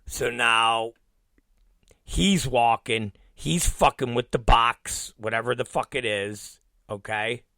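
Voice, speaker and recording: A man's voice: medium pitch, fairly even intonation, slow, vocal fry, sharp tone, no echo. A middle-aged man hosting a podcast, telling a long profane family story and acting out every quote. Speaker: podcast host. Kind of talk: storytelling monologue.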